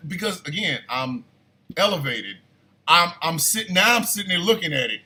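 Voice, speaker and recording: Lively, high-pitched storytelling man. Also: normal speed. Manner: animated, loud bursts of disbelief. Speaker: morning show host. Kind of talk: casual comic storytelling.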